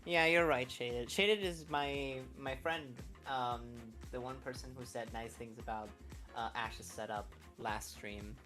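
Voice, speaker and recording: A man chatting on a livestream through a Bluetooth headset, playful and teasing, with loud bursts. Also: mid-range voice, slow pace, faint music behind. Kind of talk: casual livestream chat.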